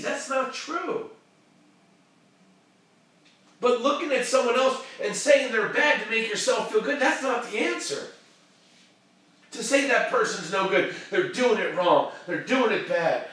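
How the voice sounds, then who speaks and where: A man hosting a show and giving a fervent, preachy motivational pep talk that swings from shouting to hushed tones. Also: high voice, heavy reverb, recorded from a distance. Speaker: motivational live-stream host.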